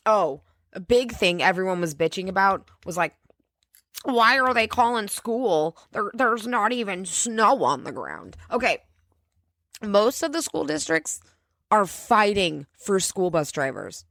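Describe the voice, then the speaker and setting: A woman's voice: medium pitch, measured pace, no room sound. A woman rants on her own podcast, swearing freely and laying on the sarcasm. Her voice sits in a middle range and is recorded dry and close, with no room sound. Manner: profane, sarcastic, animated ranting. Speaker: podcast host. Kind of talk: ranting solo podcast.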